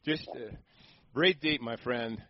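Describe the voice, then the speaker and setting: Guy co-hosting a talk show, calm and reassuring, audio a bit dull. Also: medium pitch. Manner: measured, reassuring. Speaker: co-host.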